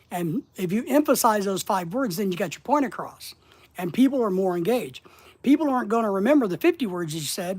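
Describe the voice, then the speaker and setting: A man's voice: high voice, slightly rough. Plainspoken man with a slight Southern accent. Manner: rambling, plainspoken, conversational. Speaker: online business coach. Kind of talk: casual livestream lesson.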